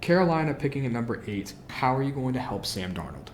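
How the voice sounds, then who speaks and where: A man's voice: mid-range voice, sing-song, quick pace, a little hiss or hum. A man hosting a solo football podcast, giving opinionated analysis, posing questions and answering them himself, with frequent fillers. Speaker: podcast host.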